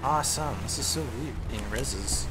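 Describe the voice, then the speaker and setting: A man giving casual commentary on his own gameplay, excitable, swearing and breaking into sudden yelps and groans. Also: mid-range voice, moderate pace, over music.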